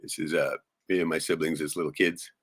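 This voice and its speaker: A man's voice: extremely low pitch, level tone, a little fast, slightly rough. A middle-aged man streaming live, swearing freely and rambling through stories while showing photos. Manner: profane, rambling storyteller with sudden loud jumps. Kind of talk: casual venting monologue showing photos.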